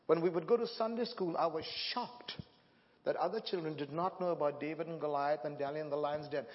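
Man preaching in an echoing church. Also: medium pitch. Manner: emotional storytelling, rising to loud proclamations. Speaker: guest preacher. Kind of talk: sermon. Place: church sanctuary. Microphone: handheld or stand microphone. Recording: dull sound with long hall reverb.

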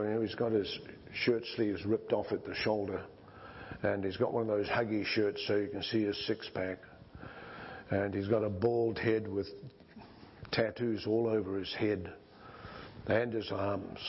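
A male pastor preaching a sermon in slow, conversational storytelling style with frequent restarts, in a dull lo-fi recording. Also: on the low side, a little hiss or hum.

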